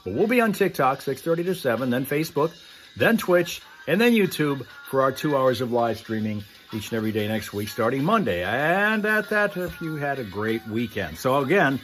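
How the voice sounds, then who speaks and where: A man's voice: medium pitch, lively intonation, moderate pace, fairly bright tone, soft background music. Folksy male live stream host. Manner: folksy, chatty, rambling. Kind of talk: casual sign-off of a live stream.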